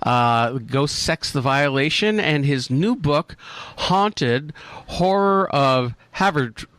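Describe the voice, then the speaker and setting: Lively American man co-hosting radio. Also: a little high, takes it slowly, clear, resonant tone, no room sound. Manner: jokey, self-mocking, lively. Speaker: co-host. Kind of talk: casual radio banter.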